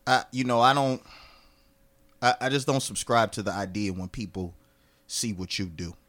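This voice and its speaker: A man in casual conversation, easygoing and quick, often adding "you know" and restarting his words. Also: lowish voice, a bit bright, no echo. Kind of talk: casual chat.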